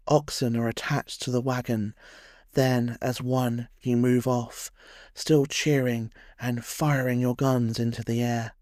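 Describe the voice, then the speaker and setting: A man's voice: medium pitch, steady tone, measured pace, a little mellow, no echo. A man narrating a scripted history tale in a wry storytelling way, with dry humorous asides.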